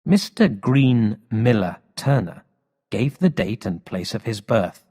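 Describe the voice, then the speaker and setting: A man slowly reading a story aloud for English learners, with expressive storybook delivery. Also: fairly low pitch. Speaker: story reader. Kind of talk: slow read-aloud narration for English learners. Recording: long hall reverb.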